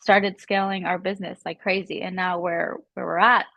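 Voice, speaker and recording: A woman's voice: lowish voice, little pitch movement, moderate pace, dry recording, muffled recording. A woman telling her sales story in a modest, giggly manner, with lots of fillers. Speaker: sales closer, podcast guest. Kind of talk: casual storytelling.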